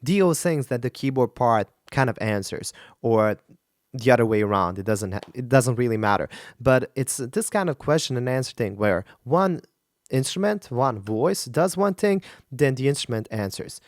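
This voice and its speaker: Animated, enthusiastic male vocal coach. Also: mid-range voice, normal speed, no echo, clean studio sound. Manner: enthusiastic, analytical. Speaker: vocal coach reacting to a song. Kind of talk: music reaction commentary. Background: faint rock song playing.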